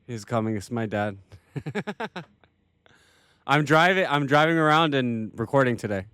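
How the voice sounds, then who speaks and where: Podcast guy laughing a lot, lively up-and-down voice, recording from his car. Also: mid-range voice, unhurried, clean tone, no room sound. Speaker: podcast host. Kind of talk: casual chat.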